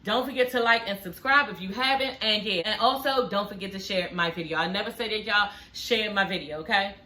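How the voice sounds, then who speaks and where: A woman recapping a reality TV episode in casual, sassy talk, gossiping and swearing freely with drawn-out emphasis. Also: mid-range voice, pushed and bright, echoey room.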